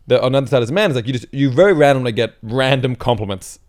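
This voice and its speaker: A man's voice: medium pitch, rapid-fire, darkish tone. A man co-hosting a podcast, chatting casually and making teasing jokes. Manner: joking, teasing banter. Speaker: podcast co-host.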